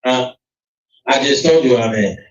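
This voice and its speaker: A man's voice: mid-range voice, moderate pace. A man co-hosting a casual podcast, talking bluntly in heavy street slang. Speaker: podcast co-host. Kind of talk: casual chat. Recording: echoey, distant, dull lo-fi sound.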